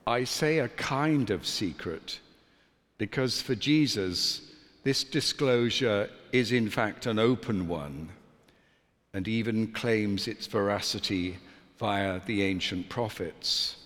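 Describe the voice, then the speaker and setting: A man, a priest, preaching a sermon in a measured, deliberate way with dramatic pauses. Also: lowish voice, a bit bright. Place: church. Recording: long church reverb.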